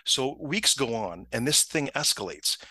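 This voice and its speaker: A man telling a story in a casual chat, animated and acting out the people he quotes. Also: unhurried, no room sound. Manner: animated, acts out quotes with big pitch jumps, frequent restarts.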